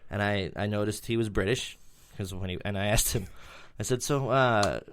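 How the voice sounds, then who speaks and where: A man with a low, steady voice tells stories on a casual podcast. He is playful and jokey and keeps slipping into impressions. The sound is close and dry, with no room around it. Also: normal speed, smooth, no echo. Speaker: podcast co-host. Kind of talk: casual chat.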